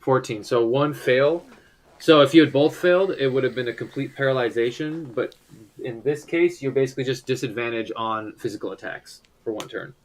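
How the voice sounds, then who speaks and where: A man at a middling pitch runs a tabletop game as game master. He narrates loosely, full of fillers and asides, and breaks off now and then to tally dice. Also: normal speed, low-quality recording.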